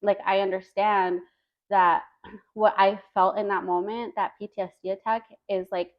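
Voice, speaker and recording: Podcast guest, woman, earnest storyteller, filler-heavy casual talk, mid pitch, slightly muffled lo-fi recording. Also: level tone, normal speed. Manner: earnest, heavy use of "like" and "you know".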